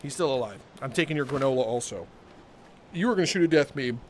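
A man live-streaming a game, joking with his chat, with bursts of laughter and loud theatrical exclamations. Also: medium pitch, lively intonation, fast talker, a little hiss or hum.

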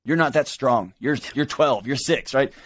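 A man speaking as a guest in an interview, emphatic and animated, acting out quoted voices as he talks. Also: medium pitch, moderate pace, dry recording. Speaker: guest author. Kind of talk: conversational interview.

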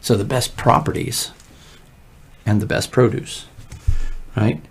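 A man with a mid-range voice explains scripture during morning prayer. He talks in a relaxed, conversational way, tossing in lively asides and checking in with his listeners as he goes. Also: mid-range voice, slow pace, vocal fry, a little hiss or hum. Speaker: pastor. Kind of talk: morning prayer Bible reading and commentary. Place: church.

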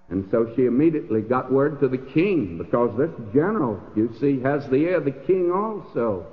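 Older preacher on a tinny old recording. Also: male voice, medium pitch, lively intonation, moderate pace, few pauses. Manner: folksy preaching with rising emphatic peaks. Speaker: pastor. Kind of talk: sermon. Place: church sanctuary. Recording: lo-fi phone-like old radio recording with long hall reverb.

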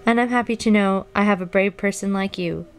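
A woman doing a gentle storybook frog. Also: medium pitch, a little fast, clear, resonant tone, lightly acted. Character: gentle, steady male frog, loyal friend. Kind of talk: reading a children's storybook aloud.

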